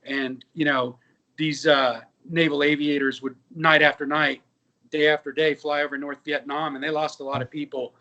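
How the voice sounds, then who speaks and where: A man's voice: a little high, normal speed, muffled recording. Man in his fifties telling stories. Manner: lively anecdotes with quoted dialogue. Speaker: actor and musician, guest. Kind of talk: casual interview storytelling.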